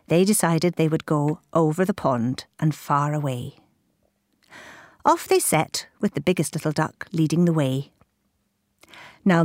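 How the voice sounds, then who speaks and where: A woman reading a children's story aloud, animated and dropping into whispers at times. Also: low-pitched, no room sound, studio quality.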